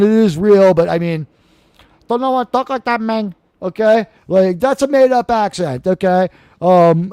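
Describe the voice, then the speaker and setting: Brash high-voiced New man. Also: a little mellow, no room sound, clean studio sound. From New York, USA. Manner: rambling, brash, quick to swear. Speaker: live-stream talk show host. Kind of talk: casual live-stream monologue.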